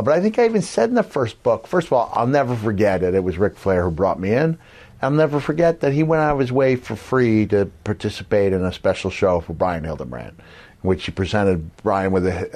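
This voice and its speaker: A middle-aged former wrestler co-hosts a podcast, telling long, rambling stories in casual storytelling chat, using many fillers and acting out the people he quotes. His voice is on the low side and a little mellow.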